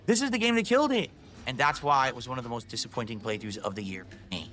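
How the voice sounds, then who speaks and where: Brief: male game streamer, bright lively voice, furious profane rant, soft music behind. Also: mid-range voice, quick pace. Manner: angry, swearing, exasperated rants. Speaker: gaming streamer. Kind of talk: ranting game review over gameplay clips.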